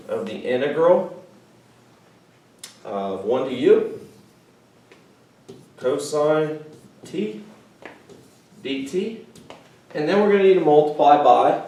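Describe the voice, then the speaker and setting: A male math teacher with a medium, slightly mellow voice walks his class through a lesson step by step, frequently checking in with "okay" and calling the students "guys." His voice cracks a little, and the mic sits far off in an echoey room.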